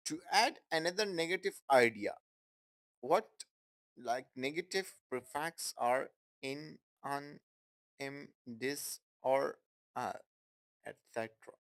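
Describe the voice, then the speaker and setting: Slow-speaking man teaching English grammar. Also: medium pitch, fairly bright tone, low-quality recording. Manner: repeats example sentences, asks "What?" and "Okay, guys?"; non-native, broken English grammar. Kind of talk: grammar lesson.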